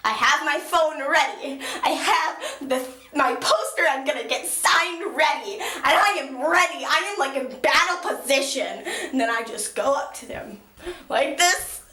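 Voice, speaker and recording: A teenage girl vlogging in an excitable, gushing way, swearing casually while she tells a story and does her makeup. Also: high voice, a little slow. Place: small echoey room at a mirror. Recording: echoey room.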